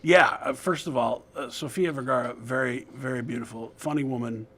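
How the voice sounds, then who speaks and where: A man's voice: mid-range voice, steady tone, fairly quick, fairly bright tone, husky. A man co-hosting a talk show, joking and easygoing in casual banter. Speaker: co-host producer.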